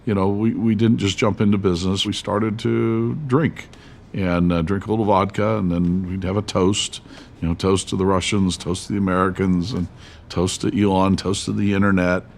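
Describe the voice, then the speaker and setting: A man's voice: deep voice, little pitch movement, normal speed, a little hiss or hum. A man in an interview clip telling an anecdote, laughing now and then as he recounts it. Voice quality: gravelly, laughs between phrases.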